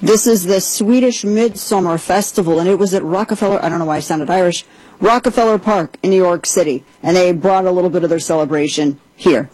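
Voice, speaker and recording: A woman's voice: lowish voice, a little fast, darkish tone, no room sound, rough recording. A woman podcast host giving a casual commentary monologue, chatty and full of sarcastic asides.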